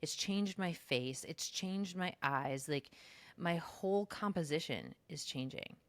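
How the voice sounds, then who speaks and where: A woman's voice: lively intonation, a little slow, no echo. A woman co-hosting a podcast, talking in a reflective, casual way with many fillers. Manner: reflective, lots of "like", slips into high mocking voices when quoting herself. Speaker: podcast co-host. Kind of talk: casual spiritual chat.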